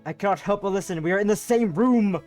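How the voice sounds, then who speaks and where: A woman's voice: mid-range voice, fast, a little mellow, lightly acted. Woman putting on a stuffy prim guy, all scolding and offended, slightly odd timbre, faint music behind. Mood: scandalised. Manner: stiff, scolding, easily offended. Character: prim, disapproving young man.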